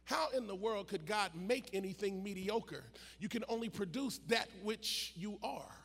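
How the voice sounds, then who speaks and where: A man preaching a sermon at a conference, building to shouted, sing-song peaks in his delivery. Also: high voice, moderate pace, vocal fry. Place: large conference hall. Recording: long hall reverb, faint ambient noise.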